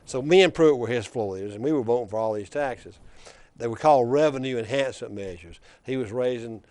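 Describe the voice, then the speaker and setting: A man's voice: mid-range voice, fairly quick, darkish tone, no echo. Folksy older man telling stories. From Alabama. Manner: folksy, rambling anecdotes with frequent restarts. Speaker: political commentator and show host. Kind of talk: casual storytelling chat.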